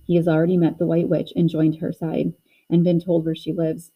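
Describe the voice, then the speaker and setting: A woman's voice: low voice, completely flat delivery, brisk, breathy edge, muffled recording. A woman voicing Mister Beaver, a grave, earnest talking male beaver in a storybook reading. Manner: solemn, warning.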